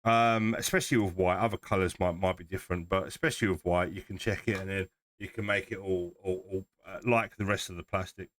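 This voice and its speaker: A man's voice: low voice, fairly even intonation, brisk, few pauses, a bit bright, no room sound. A man with a Southern English accent, chatting casually on a livestream while building a model kit, rambling and restarting his sentences. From southern England. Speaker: livestream host.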